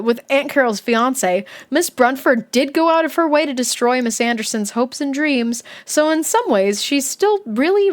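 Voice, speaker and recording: A woman streamer reading a children's book aloud to her live chat, often breaking off to giggle and make chatty asides. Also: on the high side.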